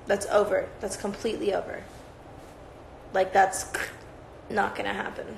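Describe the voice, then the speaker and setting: A woman's voice: mid-range voice, moderate pace, vocal fry, slight background noise. A woman hosting a livestream, chatting in a rambling, profane, casual way. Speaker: livestream host. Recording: roomy echoey sound.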